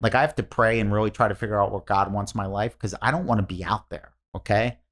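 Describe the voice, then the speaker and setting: Male comedian guest, very low voice, rambling casual storyteller. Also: fast. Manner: rambling, animated storyteller, laughs mid-story.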